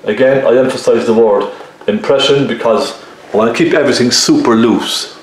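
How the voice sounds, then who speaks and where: A man in a very reverberant room teaches an oil painting lesson in an easygoing way. His voice sits at an ordinary middle pitch. He keeps checking in with viewers as he goes, with a faint hiss underneath. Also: moderate pace. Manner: relaxed, checks in with viewers with "okay?". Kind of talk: painting tutorial demonstration. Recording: very echoey room.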